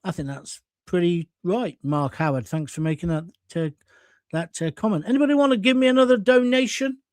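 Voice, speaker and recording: A middle-aged Englishman with a high-pitched voice hosts a live stream, reading viewer comments out loud. He's blunt, combative and chatty, swearing freely at a fairly quick pace, with no echo in the recording.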